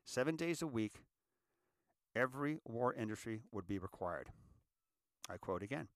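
Man giving an inspirational talk, lively pitch, dry close sound, repeats lines for weight. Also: moderate pace, dry recording. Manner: addresses listeners as ladies and gentlemen, repeats phrases for emphasis. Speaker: inspirational speaker.

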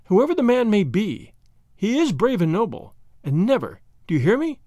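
Give me a man playing a spirited, haughty noblewoman from a storybook, raised and lively in tone. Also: sits high, normal speed, no room sound, studio quality, voice pushed up. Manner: haughty, flippant, indignant. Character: proud, spirited young noblewoman.

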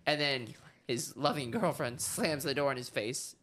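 Casting: young woman, bright forceful tone, teasing and playful in a group chat. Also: a bass voice, normal speed. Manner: playful, jokey, lays out rules like commandments.

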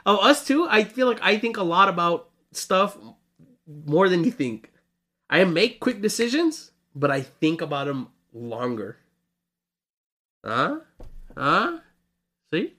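A man in his twenties co-hosting a casual podcast chat, rambling and animated, often laughing. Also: sits high, slow pace, long pauses. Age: 20s. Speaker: podcast co-host.

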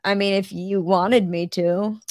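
A woman's voice: mid-range voice, steady tone, a little slow, darkish tone, no room sound, studio quality. Matter-of-fact woman podcast co-host. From North Carolina. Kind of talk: casual chat.

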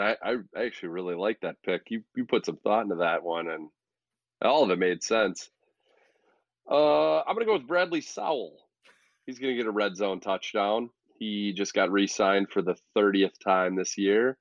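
A man's voice: on the low side, dry recording. Laid-back joking man, lo-fi dry sound. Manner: joking, rambling, self-deprecating. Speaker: podcast co-host. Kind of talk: casual sports chat. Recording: dull lo-fi dry audio.

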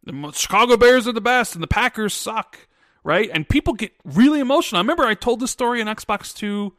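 A man in his thirties chats casually on a podcast and tells rambling stories, stumbling over restarts. His voice sits high. The sound is close and dry, with no room in it. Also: animated, a little fast, a bit bright, no room sound. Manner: rambling storyteller, restarts often. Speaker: podcast co-host. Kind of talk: casual chat.

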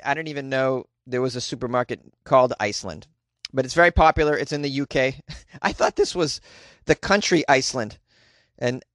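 Sarcastic guy riffing on weird news, kinda high voice, super dry sound. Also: fairly bright tone, no room sound. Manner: sarcastic and jokey, mocking the stories. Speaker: podcast host. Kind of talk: comedic news commentary.

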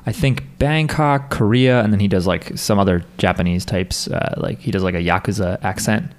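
A man's voice: fairly low pitch, normal speed. A man co-hosting a podcast, chatting casually in a wry, rambling way with many restarts. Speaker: podcast co-host. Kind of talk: casual chat.

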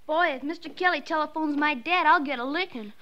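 A woman's voice: sits high, a little fast, pushed and bright, highs cut off, slight background noise. Woman doing a timid fretful boy. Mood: scared. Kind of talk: 1940s radio acting.

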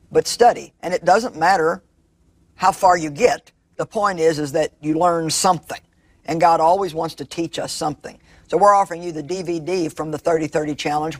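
Brief: male ministry host, husky gravelly voice, easy conversational delivery. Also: a little high, dry recording. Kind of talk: casual chat and offer pitch.

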